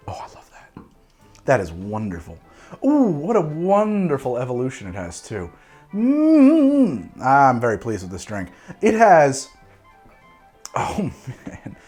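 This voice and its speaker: A man in the middle of the pitch range hosts a cocktail show, his voice rising and dipping with lively movement. He rambles through tasting notes in a casual, self-mocking way, restarting sentences as he thinks. Faint music runs underneath.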